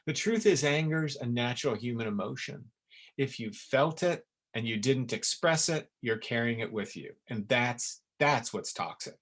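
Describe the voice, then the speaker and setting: A middle-aged man talks through an online webinar in an earnest, emphatic way. His voice sits at an ordinary middle pitch, and he leans on repeated words to drive his points home. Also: animated, normal speed, a bit bright. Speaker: essence maker giving a webinar. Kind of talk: spoken webinar talk.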